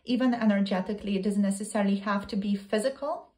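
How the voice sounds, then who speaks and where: A woman giving a casual tarot reading, thinking out loud, repeating and restarting her phrases, quick to exclaim. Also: medium pitch. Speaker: tarot reader.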